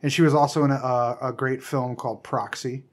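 A man's voice: mid-range voice, fairly even intonation, fairly quick. A man hosting a casual horror movie podcast, joking easily with friends. He laughs often and runs through a cast list in an offhand way. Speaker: podcast host. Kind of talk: casual chat about movies.

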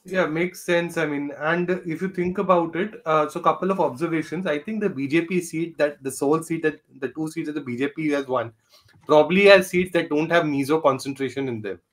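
A man's voice: a little high, brisk. A man, a panelist on a podcast, talking politics thoughtfully with lots of fillers and dry sarcasm. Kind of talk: casual political discussion.

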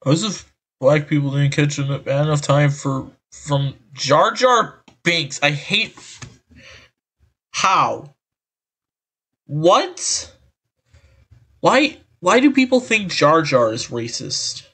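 A man's voice: a little high, sing-song, slow, sharp tone, breathy edge. A man reading an article aloud and reacting with exasperated, rambling commentary through a voice changer, sighing often. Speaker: online commentator.

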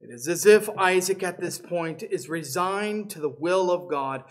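A pastor preaches from the pulpit and retells a scripture story with steady, earnest delivery. He walks his listeners through the passage, stopping now and then to explain it. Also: sits high, unhurried, few pauses. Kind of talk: sermon.

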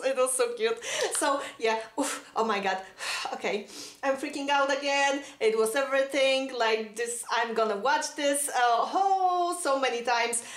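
High-voiced giggly woman gushing in a reaction vlog. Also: fairly bright tone, echoey room. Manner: gushing, breathless, giggly, lots of exclamations. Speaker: vlogger reacting to a music video. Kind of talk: excited fan reaction vlog.

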